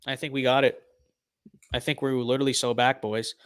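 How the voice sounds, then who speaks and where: A young man casually commenting on his own gameplay, sarcastic, muttering to himself and then bursting into excited shouts. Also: mid-range voice, a little fast, smooth, dry recording, clean studio sound. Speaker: streamer.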